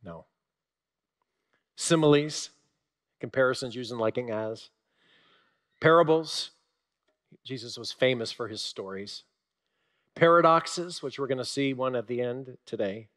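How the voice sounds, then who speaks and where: A male pastor giving a sermon, telling stories with animated emphasis and sudden drops to a quiet voice. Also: medium pitch, unhurried, pauses often.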